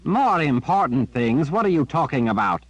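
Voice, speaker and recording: A man voicing a gentle old wizard grandfather who talks in a slow drawl. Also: fairly high pitch, big pitch swings, no echo, pitched above the performer's own voice. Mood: puzzled. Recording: dry, dull lo-fi.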